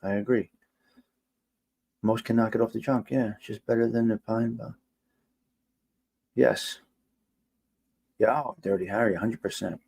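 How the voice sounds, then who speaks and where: Middle-aged male livestream host, exasperated ranter, loud bursts and quiet mutters. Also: lowish voice, unhurried, gravelly, long pauses, slight background noise. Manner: animated, exasperated ranting with swearing. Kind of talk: casual livestream talk reacting to chat.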